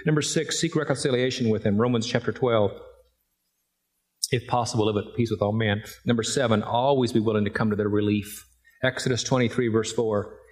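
A middle-aged man delivers a sermon in an ordinary mid-range voice. He moves from gentle storytelling into emphatic, rising points. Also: mid-range voice. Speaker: pastor.

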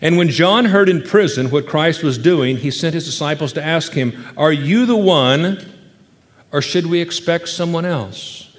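A man delivering a sermon in a light, high-pitched voice. He preaches emphatically, rising into loud rhetorical questions and then sinking to soft, hushed stretches. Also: unhurried, in a large hall. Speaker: pastor.

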